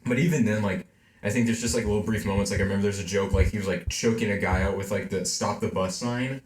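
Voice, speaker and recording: A man co-hosts a casual amateur film podcast, rambling along and stuffing his chat with "like." His voice is lowish and fairly even in intonation, and he talks fast. The recording has a roomy echo and a little hiss or hum.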